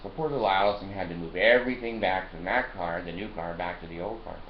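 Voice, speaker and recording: A man's voice: sits low, fast. Man ranting through a rambling story. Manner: profane, digressive, laughs between lines. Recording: roomy lo-fi recording with faint noise.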